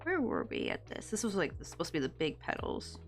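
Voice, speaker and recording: A young woman with a Tennessee drawl chats on a crafting stream at her desk. Her pitch swings widely as she rambles through fillers and asides. Faint music plays underneath. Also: huge pitch swings, brisk. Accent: Southern US, Tennessee. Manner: chatty and rambling, full of "like" and "um", answering viewer chat. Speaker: crochet live streamer. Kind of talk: casual chat while crafting on stream.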